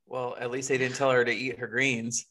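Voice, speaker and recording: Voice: medium pitch, little pitch movement, fairly quick, fairly bright tone. A podcast co-host chatting casually, laughing often while they talk. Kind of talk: casual chat.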